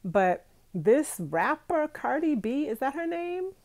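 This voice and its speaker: Brooklyn-born woman in her 40s, warm mellow voice, chatty and laughing, talking to viewers on her phone. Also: high voice, big pitch swings, slow. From Brooklyn, New York. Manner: chatty, laughs often, answers viewer comments. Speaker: vlogger. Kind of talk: casual live chat with viewers. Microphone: phone held in hand.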